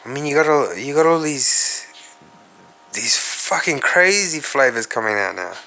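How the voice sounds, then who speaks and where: A man's voice: medium pitch, lively intonation, unhurried, bright, forceful tone, soft background music. An Australian man hosting a solo podcast, rambling and musing aloud, swearing casually and speaking straight to his viewers. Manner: musing, profane, addresses viewers directly. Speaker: podcast host.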